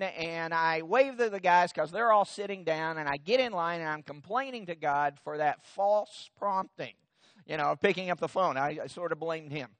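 Pastor guy telling a funny story on himself, lots of restarts, kinda high voice, dry sound. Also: fairly bright tone, dry recording. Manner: conversational, self-deprecating anecdote with frequent restarts. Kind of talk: sermon storytelling.

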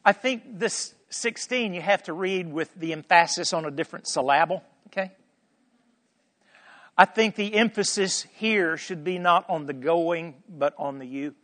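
A man preaching a sermon and teaching scripture. He is emphatic, swings between soft and loud, and asks rhetorical questions. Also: high-pitched, a little slow, in a large hall.

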